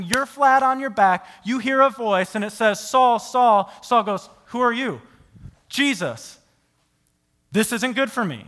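A man preaching a sermon, telling the story with animated rhetorical questions to his listeners. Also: on the high side. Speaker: pastor.

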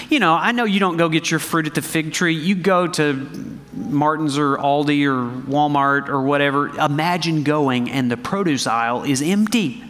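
A man preaching a sermon, animated and conversational, asking the congregation questions as he reads scripture. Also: fairly high pitch, normal speed, big-room sound. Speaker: pastor.

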